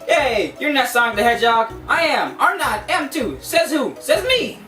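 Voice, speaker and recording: A cocky, quick-witted cartoon hedgehog hero, as a man puts him on. The voice is bright and lively, caught from a distance in a roomy space with faint music underneath. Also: extremely high pitch, pitched above the performer's own voice, exaggerated voice. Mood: bickering. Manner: imitating a cartoon movie voice.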